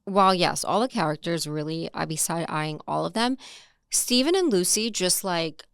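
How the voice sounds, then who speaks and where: A woman's voice: on the low side, lively intonation, moderate pace, vocal fry, clean tone, no echo, studio quality. A young woman co-hosting a pop-culture podcast, blunt and slangy in casual chat. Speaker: podcast co-host.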